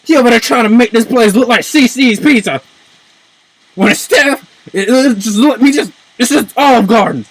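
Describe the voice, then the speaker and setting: Husky high-pitched guy, ranting fast and loud, swinging all over the place. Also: poor audio. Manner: animated, swears, jumps into shouts. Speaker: video commentator. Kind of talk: ranting commentary.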